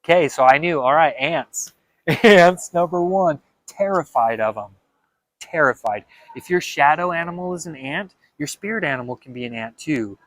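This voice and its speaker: A young man talking in a casual vlog monologue, animated and dramatic, with frequent stammered restarts. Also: on the high side, moderate pace, no room sound. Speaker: vlogger.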